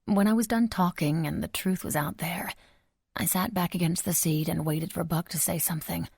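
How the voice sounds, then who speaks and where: Low, husky woman narrating an audiobook. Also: steady tone, normal speed, a little mellow, dry recording. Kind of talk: first-person audiobook narration. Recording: dry close recording.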